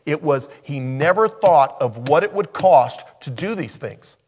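Male pastor, slightly high voice, emphatic sermon delivery with repeated phrases. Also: expressive, measured pace, husky.

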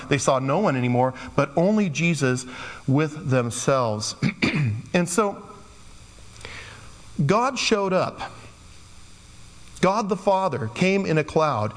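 Preaching man in a reverberant hall. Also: on the high side. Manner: conversational preaching with playful acted asides. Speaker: pastor. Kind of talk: sermon.

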